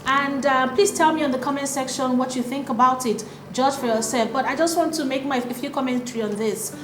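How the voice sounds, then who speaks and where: Nigerian woman in her 30s, earnest advising vlogger, slightly high voice, roomy sound. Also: brisk, a little hiss or hum. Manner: earnest, advising, many ums. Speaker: commentary vlogger. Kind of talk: casual commentary.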